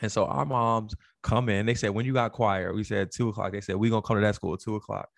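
A man on a podcast telling a story in a lively way, acting out the voices of the people in it. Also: fairly low pitch, fast talker, creaky, no echo, clean studio sound. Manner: animated storyteller, acts out quoted voices. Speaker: podcast co-host. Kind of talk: casual storytelling chat.

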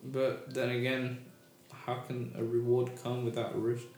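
A man's voice: medium pitch, a little slow. A British man hosting a casual chat, telling stories with energy and asking questions. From Britain. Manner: lively, storytelling, asks questions. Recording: echoey room with music behind.

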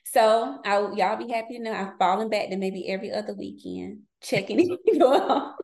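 A woman's voice: medium pitch, normal speed, vocal fry, darkish tone. A woman in her forties, a podcast guest, telling personal stories candidly in casual chat and laughing often. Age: 40s. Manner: candid storytelling, laughs often, slips into quoted voices.

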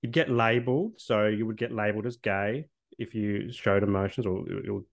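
A man's voice: fairly low pitch, moderate pace. An Australian man in his thirties, a guest telling his own story candidly and earnestly, with loose speech and frequent restarts. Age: 30s.

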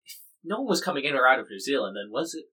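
American man, podcast host, casual news chat, rambling and jokey, bright tone. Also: mid-range voice, big pitch swings, rapid-fire, husky, low-quality recording. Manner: chatty, jokey, rambling explainer.

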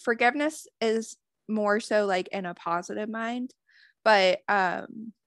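A woman's voice: medium pitch, slow, fairly bright tone, clear, resonant tone, no room sound, studio quality. A woman giving a motivational self-help talk as a spiritual wellness host, earnest, swearing freely and repeating affirmations.

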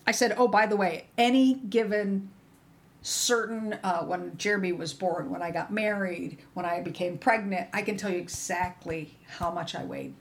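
A middle-aged woman with a medium-pitched voice chats casually at a moderate pace. She tells candid stories and acts out the dialogue of the people she quotes.

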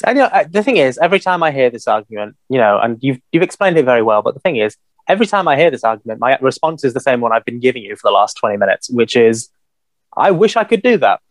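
A man co-hosting a casual podcast chat, animated and swearing freely with lots of "you know". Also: mid-range voice, very fast, dry recording. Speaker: podcast co-host.

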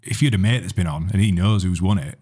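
Young male co-host, very low voice, brisk teasing chat. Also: dark tone, breathy edge. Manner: teasing, chatty storyteller. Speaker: podcast co-host. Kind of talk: casual chat.

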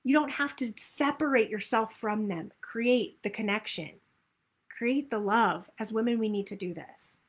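A woman giving a motivational talk as a weight-loss coach, upbeat and animated, acting out people's inner voices. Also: fairly high pitch, measured pace, breathy edge.

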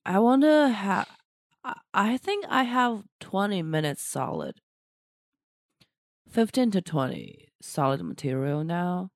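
A woman's voice: fairly low pitch, very animated, takes it slowly, no room sound, clean studio sound. A woman comedian co-hosting a casual podcast chat, talking earnestly with frequent restarts. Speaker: stand-up comedian and co-host.

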